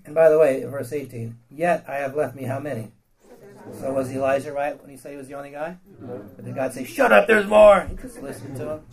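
A man's voice: mid-range voice, fairly even intonation, fairly quick, darkish tone, husky, low-quality recording. A man preaching a sermon, reading old scripture verses and then retelling them in blunt everyday slang with laughs and questions to the congregation.

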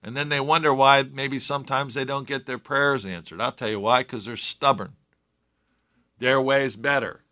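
A man's voice: medium pitch, steady tone, normal speed, sharp tone. A man preaching a sermon in a conversational way, with joking asides to his listeners. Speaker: pastor.

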